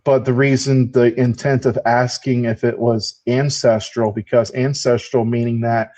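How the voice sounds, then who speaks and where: A man's voice: mid-range voice, level tone, moderate pace, mellow. An American man hosting a casual chat who talks in a profane, rambling way and laughs often. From United States. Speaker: podcast host.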